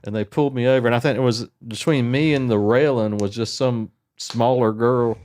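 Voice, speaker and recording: A man in his forties co-hosting a casual chat, telling a story in a rambling, self-mocking, animated way. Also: mid-range voice, brisk. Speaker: podcast co-host.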